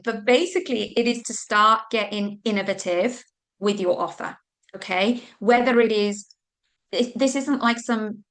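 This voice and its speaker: Leading a live online business training, a Welsh coach talks in a medium-pitched voice with a fairly bright tone. She's casual and chatty, using "like" and "okay" a lot, and mild swearing creeps in when she gets flustered.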